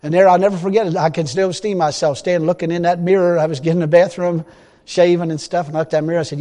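High-voiced preacher in a hall. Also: male voice, steady tone, fast. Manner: folksy, emphatic, rising to loud declarations. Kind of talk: sermon. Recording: long hall reverb.

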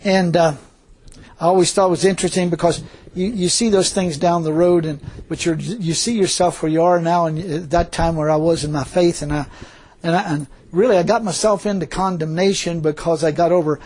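A man with a high-pitched, breathy and husky voice preaches. He rambles through his story with many fillers and repeated words, now and then chuckling. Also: steady tone, a little fast, a little mellow. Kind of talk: sermon testimony.

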